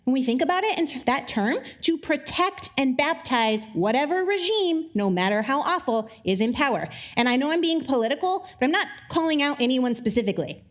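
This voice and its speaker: A woman giving a conversational sermon to a live audience, wry and joking, with quick asides. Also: high-pitched, expressive. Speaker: speaker. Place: live talk before an audience.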